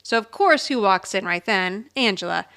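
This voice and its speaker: A woman's voice: medium pitch, moderate pace, clean tone. A woman co-hosting a podcast, giggling often as she recaps a TV episode in casual chat. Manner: giggly, animated retelling, quoting characters' lines. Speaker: podcast co-host.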